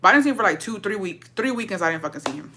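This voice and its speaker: A young woman live-streaming from her phone with headphones, telling a blunt, profane and animated story in casual storytime. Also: medium pitch, rapid-fire, a little hiss or hum.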